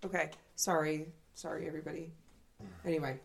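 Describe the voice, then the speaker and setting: Low-voiced young woman joking around. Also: flat delivery, brisk, gravelly. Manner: playful, dark joking banter. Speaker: podcast co-host. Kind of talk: casual chat.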